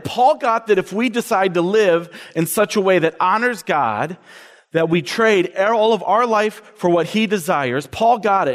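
Campus preacher guy, high voice, animated sermon, acts out quotes, echoey hall. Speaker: campus minister. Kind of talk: sermon to college students.

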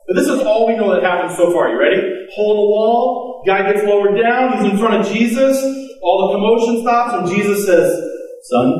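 A man with a high voice preaches to his congregation, retelling the story with lively energy and putting on quick voices for each character. He sounds far from the microphone, and his words ring through a very echoey hall. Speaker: pastor. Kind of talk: sermon.

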